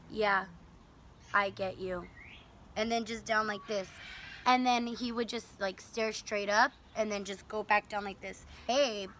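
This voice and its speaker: Bright-voiced young woman telling a story. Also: a little high, a little hiss or hum. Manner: animated, profane, acts out her own and the passenger's lines. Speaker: vlogger telling a rideshare story. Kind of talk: casual storytelling vlog.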